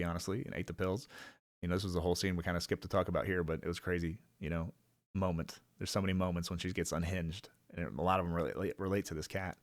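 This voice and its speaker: A man with a fairly low voice rambles through a casual film review, piling up fillers and the odd swear word. His voice sits close and dry, with no room sound around it, and he slips into raised voices to act out the characters. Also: no room sound.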